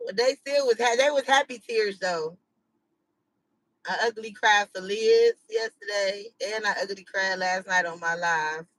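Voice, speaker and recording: A woman's voice: mid-range voice, sing-song, measured pace, fairly bright tone, dry recording, low-quality recording. A woman, hosting a casual livestream chat from home, laughing heartily and teasing playfully. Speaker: channel host.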